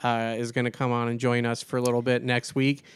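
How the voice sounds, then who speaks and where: A man's voice: mid-range voice, completely flat delivery, brisk, clear, resonant tone. A man co-hosting a podcast, talking sports in a loose, profane, rambling way with plenty of fillers. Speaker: podcast co-host. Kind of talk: casual sports chat.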